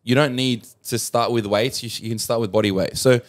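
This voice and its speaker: Relaxed man explaining casually. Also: mid-range voice, a little fast. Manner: relaxed explaining, trails off and restarts, joking asides. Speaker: podcast co-host. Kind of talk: casual podcast chat.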